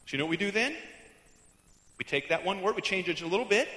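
A man delivers a sermon in a high, ringing voice, hammering points home by repeating them. He swings from forceful declarations to quiet, hushed asides. The sound carries the long reverb of a large hall. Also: expressive, brisk, long pauses. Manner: emphatic, repeats lines for stress, swings from loud to hushed. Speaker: pastor.

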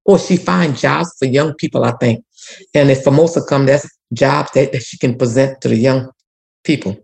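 A woman from Louisiana with a very deep, creaky, slightly mellow voice speaks at a normal pace over a rough recording. Formerly a teacher and now a community activist, she relates a personal story earnestly, prayerfully, and with frequent repetitive restarts.

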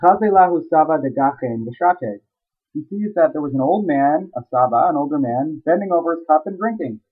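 A man's voice: a little high, animated, a little fast, husky. A man teaching a Talmud page. He reads the Aramaic lines and then translates and explains them. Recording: tinny phone-like line.

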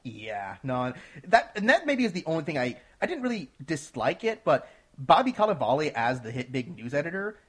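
A man co-hosting a casual film review chat, talking in an excitable, animated way and often laughing. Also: on the high side, normal speed, slightly rough. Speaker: podcast co-host reviewing films.

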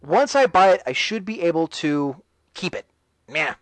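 A man's voice: on the high side, very animated, moderate pace, dry recording, low-quality recording. A man hosting a casual talk radio show, reading and answering chat messages in a sarcastic, ranting way.

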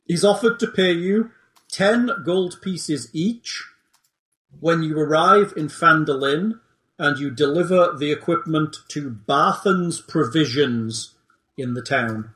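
A man's voice: a little high, slow, a bit bright, echoey room. A man running a tabletop game as game master, explaining the setup with dry humor and reading boxed text aloud.

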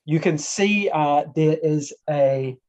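A man runs a tabletop role-playing game as game master. His voice is mellow and a little high. He narrates casually, with lots of halting starts. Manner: casual, halting, with fillers and laughs.

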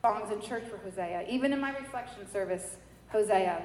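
A woman from New York giving a personal faith testimony, telling her story with animated quoted voices. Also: medium pitch, normal speed. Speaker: testimony speaker. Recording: echoey hall with light noise.

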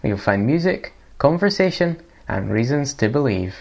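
A man's voice: medium pitch, very animated, moderate pace, vocal fry, a little mellow. A man from England reading a podcast promo in a put-on Scottish accent. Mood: earnest.

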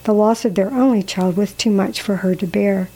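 A woman calmly reading a story aloud in a measured, gently expressive way. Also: medium pitch, poor audio. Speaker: narrator.

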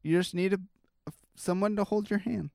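A man's voice: high-pitched, fairly even intonation, a little fast, creaky, a little mellow, dry recording, clean studio sound. A man co-hosting a casual chat, reacting to news stories in a rambling, talkative way with lots of fillers. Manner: rambling, chatty, trails off and restarts with fillers. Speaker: podcast co-host.

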